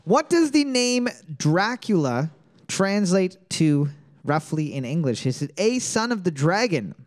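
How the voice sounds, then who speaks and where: A woman runs a casual trivia night, reading every question twice. Her voice is lively and bouncy, and she throws crude, teasing jokes at her co-host. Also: lowish voice, a little slow.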